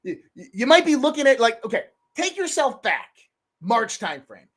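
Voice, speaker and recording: A man hosting a casual political commentary show, animated and swearing freely. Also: very high voice, moderate pace. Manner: animated, swears freely, mimics others in raised voice. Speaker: podcast host.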